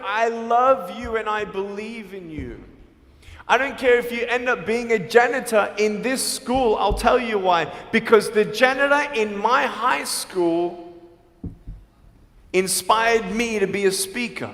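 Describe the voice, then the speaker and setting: A man giving a motivational speech to a live audience in a large school hall, emphatic and swinging from hushed to shouting. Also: sits high. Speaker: motivational speaker. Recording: echoey hall, faint music behind.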